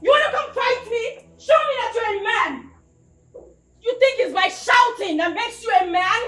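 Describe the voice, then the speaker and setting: An actress playing an arrogant young princess who hurls scornful insults, with a Nigerian accent. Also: female voice, very high-pitched, expressive, moderate pace, fairly bright tone, roomy sound, soft background music.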